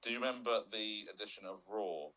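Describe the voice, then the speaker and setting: A man, co-hosting a casual podcast and telling stories in an animated way. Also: on the low side, fairly quick. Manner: chatty storyteller, animated retelling. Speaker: podcast co-host.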